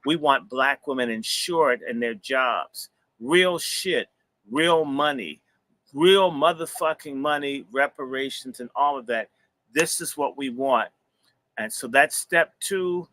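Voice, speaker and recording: A man's voice: medium pitch, slow, sharp tone. A man hosting a livestream, talking in a rambling, profane, sermon-like way. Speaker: host and minister. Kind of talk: preacherly livestream talk.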